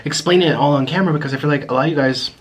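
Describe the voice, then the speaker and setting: A man vlogging to camera, talking in a reflective, apologetic way with many restarts, pausing to eat. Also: on the high side, a little hiss or hum. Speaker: mukbang vlogger. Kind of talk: casual confessional talk to camera.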